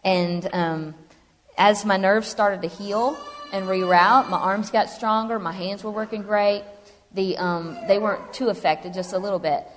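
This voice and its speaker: A woman's voice: medium pitch, fairly even intonation, measured pace. A woman telling her personal story to an audience in a chatty, humorous way. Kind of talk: personal testimony to a live audience. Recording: long hall reverb.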